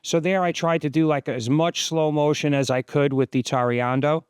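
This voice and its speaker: A man in his fifties, host of his own channel, giving relaxed, explanatory voice-over commentary on sparring footage. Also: fairly high pitch, normal speed, clean tone, dry recording, studio quality. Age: 50s.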